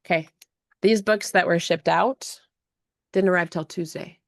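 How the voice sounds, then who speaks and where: A woman hosting a podcast, telling an emotional story in an animated way, with frequent restarts. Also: on the low side, a little slow, creaky, dry recording, clean studio sound. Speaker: podcast host and self-published author. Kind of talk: casual storytelling chat.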